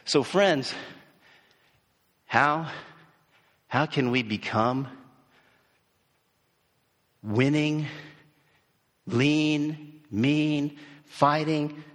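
A man's voice: fairly high pitch, drawn-out words, long pauses, fairly bright tone. A man giving a sermon in a church hall, speaking emphatically and repeating key phrases.

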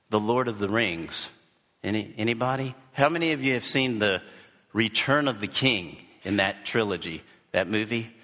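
A man's voice: lowish voice, sharp tone. A man giving a sermon in a church hall, speaking emphatically and repeating key phrases.

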